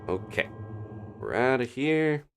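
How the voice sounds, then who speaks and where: A man casually commentating his own gameplay on a live stream, chatting and thinking aloud with quick little laughs. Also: mid-range voice, lively intonation, creaky, a bit bright, slight background noise. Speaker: gaming streamer.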